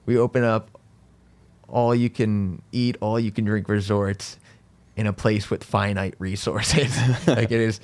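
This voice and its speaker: A man tells a rambling, self-deprecating story as a comedian guest on a podcast, filling his talk with "like" and "dude". His voice sits very low and has a gravelly crackle. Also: steady tone, measured pace, darkish tone.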